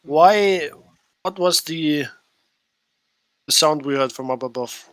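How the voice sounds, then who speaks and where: A man player speaking in character with a halting, hesitant delivery. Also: on the high side, fairly bright tone, no room sound. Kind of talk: in-character tabletop dialogue.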